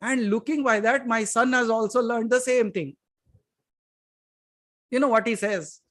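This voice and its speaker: A man with an Indian English accent giving a spiritual satsang talk, emphatic, moving from loud to hushed and putting questions straight to his listeners. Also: extremely high pitch, unhurried. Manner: addresses listeners directly with questions. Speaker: spiritual teacher. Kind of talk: satsang talk to a live audience.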